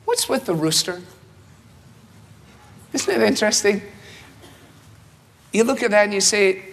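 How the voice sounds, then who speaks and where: A man preaching a sermon in a rhetorical, animated manner, acting out the voices he quotes. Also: sits high, measured pace, gravelly, long pauses, in a large hall.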